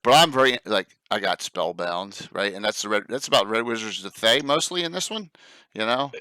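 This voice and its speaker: A man with a South Jersey accent hosts a casual show, talking chattily and laughing easily. His voice is bright and forward. It is recorded dry and close to the mic. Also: fairly low pitch, expressive, brisk, clear, resonant tone, dry recording. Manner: chatty, laughing, many fillers and restarts. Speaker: podcast host. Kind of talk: casual chat.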